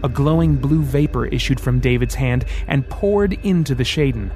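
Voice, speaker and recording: A man's voice: mid-range voice, moderate pace, soft background music. Man narrating a dramatic audiobook. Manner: steady, dramatic storytelling. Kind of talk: scripted narration.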